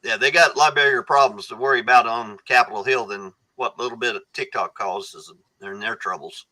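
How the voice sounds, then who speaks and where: A man's voice: medium pitch, brisk, sharp tone, rough recording. A man speaking as a guest on a podcast, an earnest storyteller who often restarts his sentences. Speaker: guest, foundation founder. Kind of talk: casual podcast conversation.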